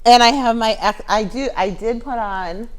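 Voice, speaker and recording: A woman's voice: a little high, normal speed, smooth. A woman co-hosting a podcast, chatting casually and teasing her co-host playfully. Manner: teasing, playful, describes things at length. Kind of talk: casual chat.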